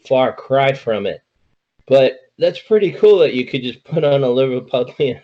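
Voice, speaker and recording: A man co-hosting a podcast, asking chatty, enthusiastic questions in casual interview talk. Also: mid-range voice. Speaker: podcast co-host. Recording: muffled lo-fi audio.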